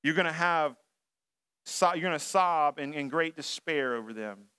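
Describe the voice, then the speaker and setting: A man's voice: on the high side, expressive, normal speed, pushed and bright, clear, resonant tone. Man preaching a conversational sermon. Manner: conversational preaching with frequent fillers and restarts. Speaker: pastor. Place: church sanctuary.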